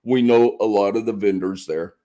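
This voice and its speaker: Man, low voice, casual podcast host, chatty, lots of yeahs. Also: normal speed, mellow. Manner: chatty, frequent yeahs and repeats.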